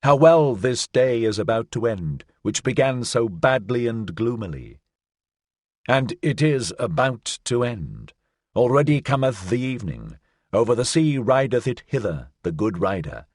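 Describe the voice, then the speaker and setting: A man reading the lines of a solemn male prophet, measured and reflective in archaic speech. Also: mid-range voice, sing-song, no echo, clean studio sound. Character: solemn male prophet musing aloud, weary yet triumphant. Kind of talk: audiobook reading.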